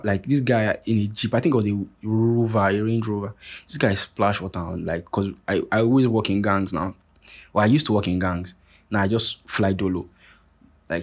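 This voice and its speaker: A young man hosting a podcast, talking in a rambling, profane, animated monologue full of restarts. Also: on the low side, breathy edge. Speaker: podcast host. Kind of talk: casual monologue rant.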